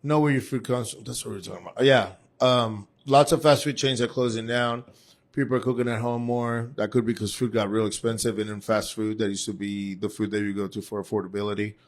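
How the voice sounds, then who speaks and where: A man's voice: fairly low pitch, steady tone, brisk. A man from Puerto Rico hosting a casual live stream, chatty and rambling as he jumps between topics. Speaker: host. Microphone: phone or camera mic on a live stream.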